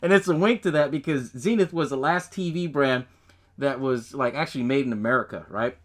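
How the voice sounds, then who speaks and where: In a casual movie recap on his podcast, a man speaks briskly in a medium-pitched, slightly bright voice. He keeps it laid-back, dropping frequent swear words, laughing along and acting out lines from the film.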